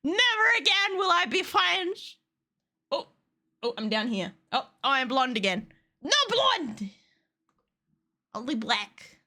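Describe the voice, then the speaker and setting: A young adult woman chatting casually on a livestream, excitable, laughing often and swearing freely. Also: high voice, slow pace, pauses often. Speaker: streamer.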